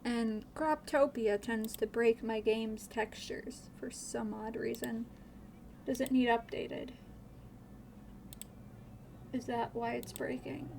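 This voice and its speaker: A woman's voice: a little high, fairly even intonation, slow, vocal fry, long pauses, darkish tone, slight background noise. A woman streamer chatting casually while modding a game, rambling, swearing freely and laughing nervously.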